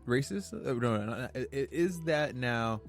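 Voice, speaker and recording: Halting man on a podcast. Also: mid-range voice, expressive, faint music behind. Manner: hesitant, halting, full of fillers and questions. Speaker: podcast co-host. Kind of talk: casual podcast chat.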